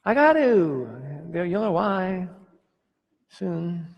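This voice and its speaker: A playful pastor preaching and chatting with his congregation from the stage. His voice sits a little high and sounds husky. A long reverb from the church hall trails behind every phrase. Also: animated, very slow, lo-fi sound. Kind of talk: sermon.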